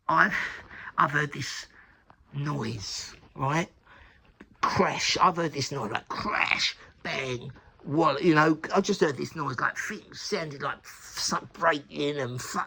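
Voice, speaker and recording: Gravelly, husky man telling a rambling story. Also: fairly high pitch, pushed and bright. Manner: rambling, sweary, laughing asides. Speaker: recovery storyteller. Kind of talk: casual spoken storytelling.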